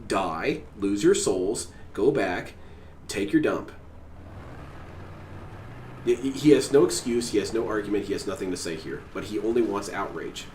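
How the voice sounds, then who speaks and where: A man's voice: lowish voice, normal speed, long pauses, a little mellow. A man streaming a reaction to a clip, ranting with sarcastic, exasperated mockery. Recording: echoey room, mic at a distance, faint noise.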